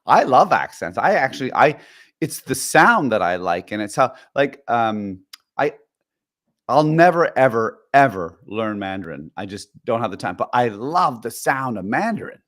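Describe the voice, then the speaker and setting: A man co-hosting a podcast, chatting casually and rambling with restarts. His voice sits at an ordinary middle pitch. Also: very animated, normal speed, a bit bright. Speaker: podcast co-host. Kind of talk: casual chat.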